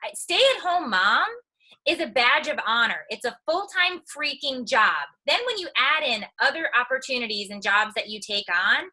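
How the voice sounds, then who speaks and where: A woman's voice: on the high side, animated, moderate pace, hardly any pauses, sharp tone, low-quality recording. A woman who makes online videos, giving a chatty, candid motivational talk on a live video stream. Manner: candid, chatty storytelling with humor. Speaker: online video creator and mom.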